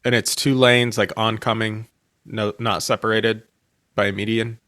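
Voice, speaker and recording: A man co-hosting a podcast in casual chat, teasing and asking quick follow-up questions. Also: lowish voice, flat delivery, sharp tone, dry recording, clean studio sound. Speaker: podcast co-host.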